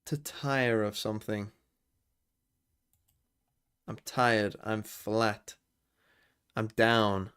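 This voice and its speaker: A man's voice: fairly low pitch, fairly even intonation, drawn-out words, long pauses, a bit bright, clean tone. A man streaming live, casually chatting with viewers and muttering guesses to himself as he works through a word puzzle. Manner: thinks aloud, muttering guesses and reading chat. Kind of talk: casual livestream chat.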